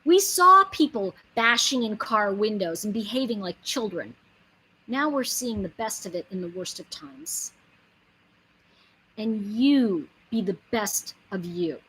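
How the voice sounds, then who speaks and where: A woman's voice: mid-range voice, lively intonation, measured pace, bright, forceful tone, slight background noise, low-quality recording. A woman giving a casual motivational monologue, earnest and emphatic, rambling with many asides. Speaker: inspirational speaker.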